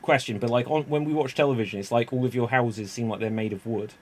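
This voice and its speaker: A man's voice: medium pitch, fast talker, a little hiss or hum. A man hosting improv comedy games, chatty and laughing often. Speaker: improv game host.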